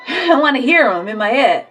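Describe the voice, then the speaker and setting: A woman's voice: high-pitched, very animated, a little slow, fairly bright tone, soft background music. A woman talking casually and with feeling about faith, swearing freely and laughing between thoughts. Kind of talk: casual spiritual monologue.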